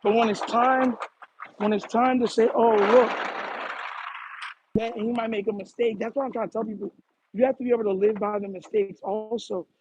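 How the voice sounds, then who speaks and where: A young man chatting on a live stream, animated and repetitive, calling people "bro" as he talks to his chat while running errands. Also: sits high, a little fast, dull audio, noisy background. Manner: animated, repeats himself, says "bro" a lot.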